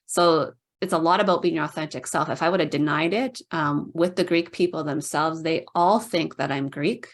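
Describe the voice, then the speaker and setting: A woman's voice: sits low, normal speed, few pauses. A middle-aged woman telling stories casually as a podcast guest, chatty, with many "like"s. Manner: chatty, fills speech with "like", puts on voices for quoted people. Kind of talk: casual storytelling.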